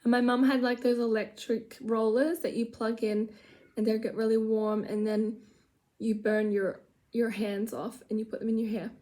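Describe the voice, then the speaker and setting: A woman talks through her makeup in a loose, rambling way, poking fun at herself and sliding into low mutters. Her voice sits a touch high, and the chat feels unscripted and homely, recorded in her room at home. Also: little pitch movement, moderate pace, mellow. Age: adult with children. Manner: rambling, chatty, self-mocking, drops to mutters. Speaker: vlogger doing makeup. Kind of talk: casual get-ready-with-me chat.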